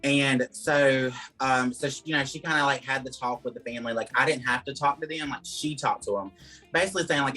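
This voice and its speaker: Young southern guy telling stories, bright voice, lots of likes and ums, soft guitar under it. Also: medium pitch, a little fast. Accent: Southern American. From Georgia, USA. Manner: chatty, lots of "um" and "like". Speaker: guest. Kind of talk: casual storytelling interview. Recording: faint guitar music underneath.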